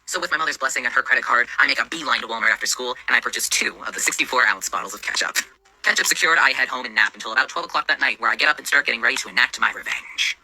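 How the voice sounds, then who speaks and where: A man's voice: medium pitch, rapid-fire, vocal fry, bright, forceful tone, a little hiss or hum, rough recording. A young man narrating a personal story in a casual, sarcastic way, swearing freely.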